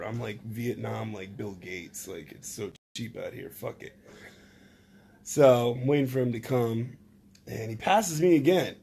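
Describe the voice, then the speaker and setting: A man telling a rambling, profane comic story, swinging from loud outbursts to low mutters. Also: takes it slowly, vocal fry, slight background noise.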